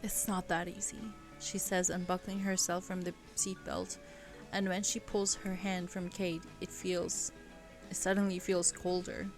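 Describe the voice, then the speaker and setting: A woman's voice: on the low side, little pitch movement, a little slow, over music. A young woman casually reading her own story aloud on a live stream, often laughing and stopping to comment on it.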